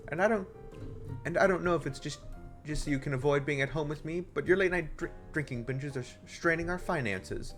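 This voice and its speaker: A man voicing a haughty, sharp-tongued middle-aged wife while reading game dialogue aloud in voices, stumbling over words as he reads. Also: a little high.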